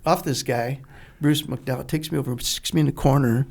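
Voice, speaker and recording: Gravelly older man telling a war-veteran story. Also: mid-range voice, moderate pace. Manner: animated storyteller, acts out dialogue, laughs often. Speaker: guest, retired Navy SEAL. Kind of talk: storytelling in a podcast interview.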